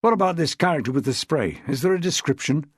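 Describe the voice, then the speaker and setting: A man voicing a gruff, blunt middle-aged police detective in an audiobook. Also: on the high side, expressive, quick pace, dry recording. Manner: blunt, dry, growling. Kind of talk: audiobook character voice.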